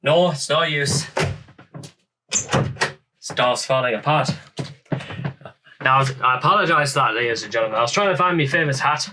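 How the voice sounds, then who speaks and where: A young man from England hosts a reaction video, rambling theatrically in casual commentary while putting on a thick Irish accent. His mid-range voice runs at normal speed and pauses often, with a noisy background.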